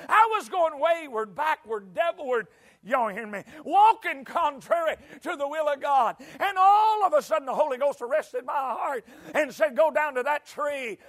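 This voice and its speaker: A man preaching a sermon in a church, swinging between quiet storytelling and shouted, rhythmic climaxes. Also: very high-pitched, animated, measured pace. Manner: shouting, sing-song preaching cadence.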